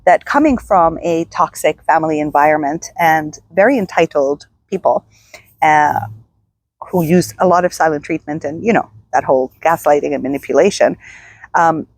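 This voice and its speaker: A middle-aged woman speaks straight to her viewers, telling her own story in a reflective, halting way and often circling back to restart a thought. Her voice sits a little low and sounds husky and breathy. The sound is dry and close, with no room echo. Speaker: self-help vlogger. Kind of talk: personal storytelling to camera.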